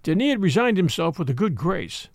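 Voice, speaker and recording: A man narrating a classic story in an expressive reading, voicing the characters. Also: high voice, fairly quick, creaky, dry recording, clean studio sound. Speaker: audiobook narrator.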